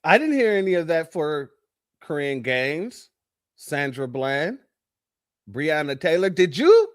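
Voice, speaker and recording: A man hosting a commentary show, reacting to played clips in an animated, preachy and mocking way. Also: fairly high pitch, takes it slowly.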